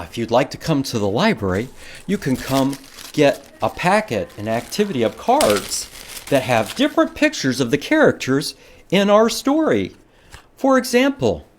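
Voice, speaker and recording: A male children's librarian reads a picture book aloud to small children, his voice swinging widely as he acts out each line. He goes at an unhurried pace, drawing out the dramatic moments and often pausing to ask the kids questions. A faint hiss or hum sits under the recording.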